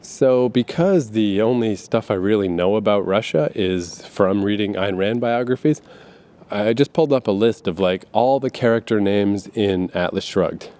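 A man's voice: on the low side, normal speed, dark tone. A man talking in a casual, rambling monologue, swearing freely and often laughing between his points. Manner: profane, laughs often, many fillers and asides.

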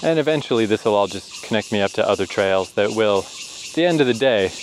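Male hiker vlogger, lowish voice, sweaty and winded, casual self-mocking rants, faint outdoor insect noise. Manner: chatty, swearing, self-mocking grumbling. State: sweaty and short of breath from heat. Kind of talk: casual vlog narration while hiking. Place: outdoors on a forest hiking trail.

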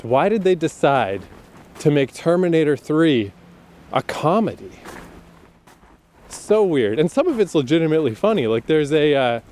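A man's voice: fairly high pitch, darkish tone, slight background noise. A man giving a blunt, profane, casual monologue of movie opinions. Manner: profane, blunt, exasperated ranting. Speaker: movie commentator.

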